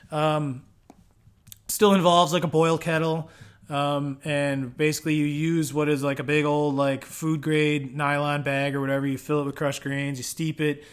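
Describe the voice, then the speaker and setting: Profane, rambling man explaining homebrewing. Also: fairly high pitch. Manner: rambling, profane, frequent fillers. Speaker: homebrewing show host. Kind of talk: casual explainer monologue.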